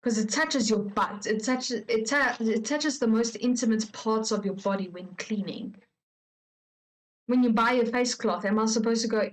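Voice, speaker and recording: A woman's voice: on the high side, a little slow, poor audio. A woman reading online stories aloud in casual commentary, chatty and talking straight to her viewers, working herself up into a rant. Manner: chatty, talks straight to viewers, gets worked up and ranting.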